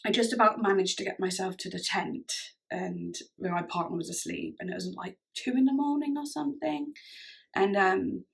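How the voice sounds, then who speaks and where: A woman's voice: mid-range voice, moderate pace, creaky. A woman vlogger telling a personal story to camera in a chatty way, with many "like"s and frequent laughs. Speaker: music vlogger.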